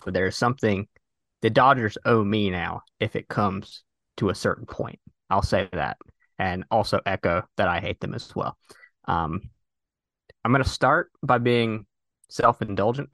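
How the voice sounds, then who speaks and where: A male podcast host in casual chat with a deadpan, self-deprecating humor. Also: fairly low pitch, vocal fry, no echo, clean studio sound.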